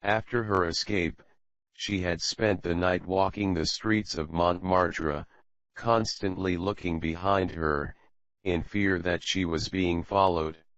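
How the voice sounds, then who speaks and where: A man reading an audiobook in a steady, measured way. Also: low voice, no room sound. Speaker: audiobook reader. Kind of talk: audiobook narration. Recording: dull lo-fi audiobook.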